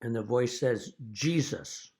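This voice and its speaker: A man speaking as a father straight to his children in a video message, earnest and deliberate, now and then telling a wry joke. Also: mid-range voice. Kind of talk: direct-to-camera video message.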